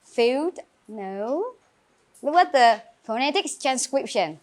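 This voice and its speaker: A woman with a Vietnamese accent leads an English class, her voice high and bright in pitch. She calls on students by name, drills new words and encourages them clearly. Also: big pitch swings, takes it slowly. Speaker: English teacher. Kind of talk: classroom grammar lesson.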